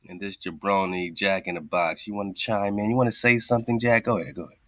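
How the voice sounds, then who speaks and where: A man's voice: lowish voice, steady tone, quick pace, fairly bright tone, dry recording. A man hosting a casual talk show, speaking loosely in street slang and taunting a played clip between laughs. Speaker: podcast host. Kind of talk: casual mocking commentary.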